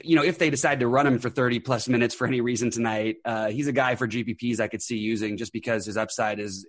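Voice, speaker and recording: A man's voice: medium pitch, dry recording, clean studio sound. A man hosting a fantasy sports podcast over an internet call, upbeat and full of fillers. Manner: quick, upbeat, many fillers. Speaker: podcast host.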